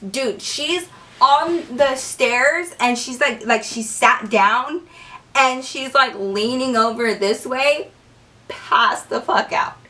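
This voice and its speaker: A young woman telling a story in a casual, animated way, cursing freely and saying "like" a lot. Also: high voice, slow pace, far from the mic. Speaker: vlogger.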